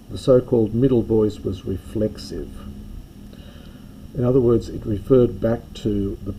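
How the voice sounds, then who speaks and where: Mellow-voiced man teaching Greek grammar. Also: on the low side, a little hiss or hum, low-quality recording. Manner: careful, methodical explanation with small self-corrections. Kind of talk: recorded grammar lesson.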